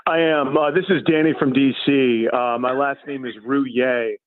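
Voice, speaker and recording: A man plays a deadpan caller posing as an upset Frenchman, talking slowly and plainly in an everyday voice. The line sounds tinny and phone-like, dry, with no room sound. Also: medium pitch, no room sound, pitched below the performer's own voice, lightly acted. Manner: slow, careful spelling of his name. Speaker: co-host.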